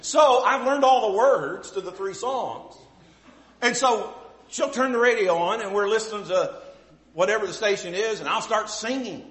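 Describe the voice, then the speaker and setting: A middle-aged male pastor preaches a sermon filled with folksy, self-deprecating stories in an echoey room. His voice is high-pitched and fairly bright, at a normal pace.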